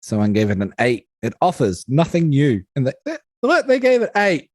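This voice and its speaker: A man co-hosts a casual film review podcast, sounding animated and exasperated and swearing plenty. His voice is on the high side at normal speed, with no room sound.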